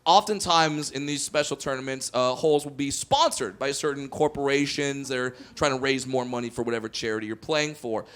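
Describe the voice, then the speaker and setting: A man doing stand-up, telling a story to a live audience and bursting into loud shouted voices for the people in it. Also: medium pitch, brisk, hardly any pauses, clean tone. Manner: animated, jumps into loud shouted character voices. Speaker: stand-up comedian.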